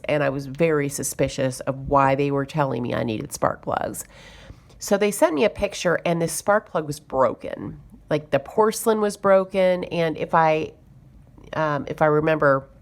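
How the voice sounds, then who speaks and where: A woman's voice: low-pitched, creaky. A woman chatting to camera as a budgeting vlogger, telling a story in a chatty, exasperated way. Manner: chatty, exasperated retelling with fillers. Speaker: budgeting YouTuber.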